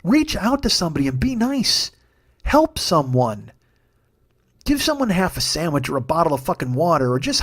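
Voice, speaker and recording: A man's voice: sits high, slightly rough. A man in his forties hosting a solo comedy podcast, ranting in a heated, profane way and rambling through plugs with lots of fillers. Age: 40s. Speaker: podcast host.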